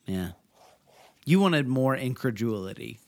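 A man's voice: mid-range voice, expressive, unhurried, creaky. A man co-hosting a casual movie discussion podcast, making dry, wry asides. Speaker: podcast co-host.

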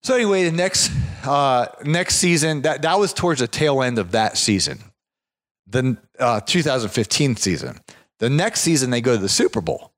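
A man of ordinary pitch tells a meandering story in a relaxed, conversational way. He pads his sentences with fillers and restarts as he goes. His voice goes lively whenever he quotes someone else. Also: normal speed. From southeastern United States. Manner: rambling, with frequent fillers and restarts; animated when quoting others. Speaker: property management business owner. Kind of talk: casual anecdote telling.

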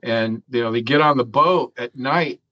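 A man's voice: medium pitch, sharp tone, dull audio. A man telling a long story in an interview, swearing freely and chuckling as he goes. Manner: profane, chuckling, drawn-out storyteller. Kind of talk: casual storytelling.

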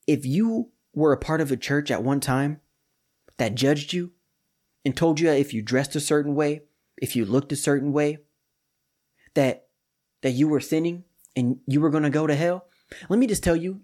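Lively colloquial podcast preacher man. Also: fairly high pitch. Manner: lively, colloquial and talks straight to the audience. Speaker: host of a scripture study podcast. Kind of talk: casual preaching.

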